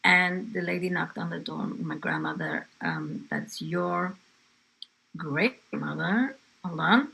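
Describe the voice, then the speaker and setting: A woman's voice: fairly low pitch, sing-song, takes it slowly, gravelly, bright, forceful tone, breathy edge, low-quality recording. An older woman from England telling her grandchild family stories in a conversational way, with fillers and asides. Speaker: interviewee, grandmother. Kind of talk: family history storytelling.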